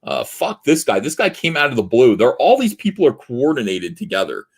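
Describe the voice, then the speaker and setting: A man's voice: medium pitch, big pitch swings, breathy edge. Heated, swearing man ranting on a livestream. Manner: profane, heated, many filler pauses. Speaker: livestream host. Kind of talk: livestream commentary rant.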